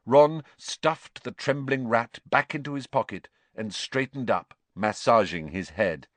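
A man giving expressive scripted narration of a storybook audiobook. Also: mid-range voice, measured pace, no echo.

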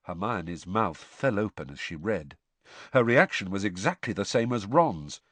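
Man, audiobook narrator, expressive, lively pitch, dry close sound. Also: unhurried, no echo.

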